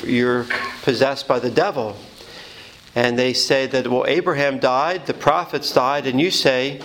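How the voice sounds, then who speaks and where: A man preaching a homily, explaining scripture in an earnest, measured way with a few restarts. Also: medium pitch, fairly bright tone, a little hiss or hum, poor audio.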